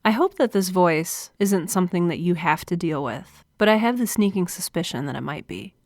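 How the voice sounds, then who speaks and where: On her solo podcast, a woman talks at normal speed in a lowish, animated voice, smiling as she confides earnestly. The recording is dry, made close to a studio microphone.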